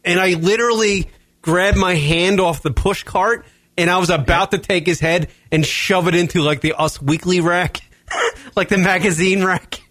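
A man's voice: sits high, normal speed, no echo. Foul-mouthed man telling a story. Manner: animated, swears constantly, frequent fillers. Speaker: podcast co-host. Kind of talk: profane comedic storytelling.

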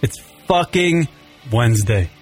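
A man's voice: mid-range voice, a little slow, slightly rough, soft background music. A man from Long Island hosting a casual comedy radio show, rambling and swearing as he tells stories. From Long Island, New York. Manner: profane, rambling, animated storytelling.

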